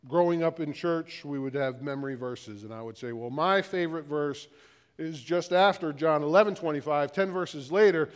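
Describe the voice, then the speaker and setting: Male pastor, middle-aged, raised voice, slow stacked rhetorical questions, long hall reverb. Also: on the high side, clean tone. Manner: questions repeated in a slow, building list. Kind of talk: sermon.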